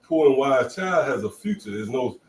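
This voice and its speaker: A man's voice: medium pitch, expressive, normal speed, darkish tone, distant mic. A man in a casual group discussion of scripture, who affirms the others often with "right" and "mm-hmm". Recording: echoey room, voice from off-mic, faint ambience.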